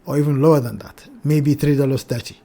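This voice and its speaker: Guy going over crypto charts, mellow warm voice, keeps saying be careful and repeating himself. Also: medium pitch, steady tone, fairly quick. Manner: cautionary, repeats phrases, addresses "ladies and gentlemen". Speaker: crypto trading channel host. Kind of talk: chart analysis talk.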